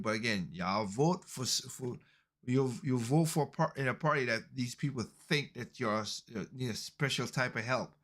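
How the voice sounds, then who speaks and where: A man's voice: mid-range voice, a bit bright. Male podcast host, emphatic, repeats himself, mid-range voice. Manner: emphatic, repeats his points. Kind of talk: casual commentary on video clips.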